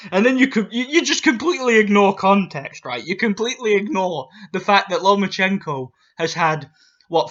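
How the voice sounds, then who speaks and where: A man in a casual vlog rant, swearing freely and tripping over repeated words. His voice sits a little high and sounds bright and sharp. The audio is dull and lo-fi. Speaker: boxing YouTuber.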